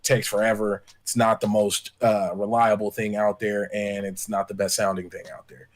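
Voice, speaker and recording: A man on a casual panel chat, talking in a relaxed, conversational way. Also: lowish voice, moderate pace. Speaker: podcast panelist.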